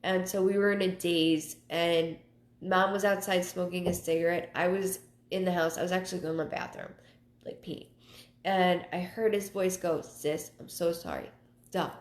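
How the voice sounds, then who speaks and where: A woman psychic medium hosting her live show, chatting casually and telling personal stories in a halting way, often repeating words. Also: lowish voice, steady tone. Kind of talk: casual livestream talk. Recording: roomy echo.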